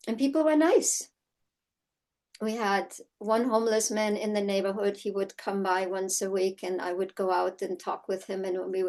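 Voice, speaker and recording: Woman from Germany, horsemanship teacher, unhurried reflective delivery, mid-range voice, frequent "right?" tags. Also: mid-range voice, poor audio. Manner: reflective, often adds "right?" as a check-in. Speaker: horsemanship course instructor. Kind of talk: teaching session with personal storytelling.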